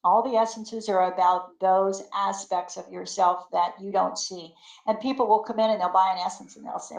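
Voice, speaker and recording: Animated older woman telling stories, echoey. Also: mid-range voice, normal speed, gravelly. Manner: animated storyteller acting out quotes, laughing often. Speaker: guest. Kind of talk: casual storytelling interview.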